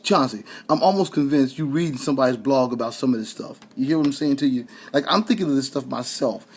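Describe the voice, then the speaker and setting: Husky, heated man ranting sarcastically. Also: mid-range voice, a little mellow. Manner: sarcastic, heated, stammering repeats; addresses listeners directly, colloquial. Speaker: commentator. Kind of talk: ranting political commentary.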